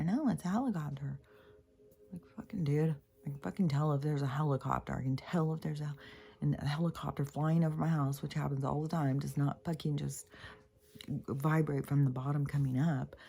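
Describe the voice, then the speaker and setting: Low gravelly-voiced woman rambling casually. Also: warm tone. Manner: rambling, swears often, mimics others in voices. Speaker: spiritual podcaster.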